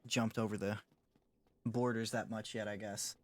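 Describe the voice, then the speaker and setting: A man's voice: lowish voice, little pitch movement, moderate pace, a little hiss or hum. A young man streaming a game live, chatting casually with his viewers, answering chat and laughing often.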